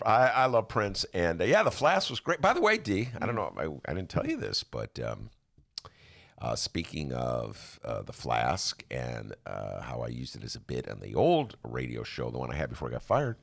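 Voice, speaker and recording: A very deep-voiced man, his voice gravelly. He talks in a rambling, self-deprecating way, full of restarts, and his pitch swings widely as he hosts a casual podcast chat. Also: very animated, moderate pace, a bit bright. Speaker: podcast host.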